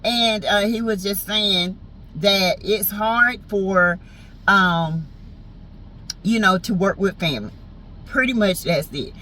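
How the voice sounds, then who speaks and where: A woman's voice: mid-range voice, sharp tone, slight background noise, low-quality recording. A woman with a Southern US accent giving a sassy, teasing, slangy recap of a reality show in casual chat. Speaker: TV show reviewer.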